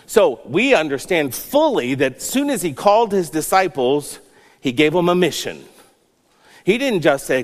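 A man's voice: on the high side, very animated, moderate pace, long reverb tail. A man preaching a sermon as a pastor, earnest, rising and falling for emphasis.

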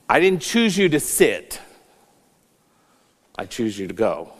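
A man's voice: mid-range voice, sing-song, measured pace, long pauses, long reverb tail. A man preaching a sermon as a pastor, earnest, rising and falling for emphasis.

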